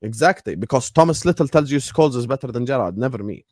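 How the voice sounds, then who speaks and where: A man hosting a football fan livestream, excitable and laughing as he trash-talks rivals and banters with chat. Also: medium pitch, quick pace, no echo, clean studio sound.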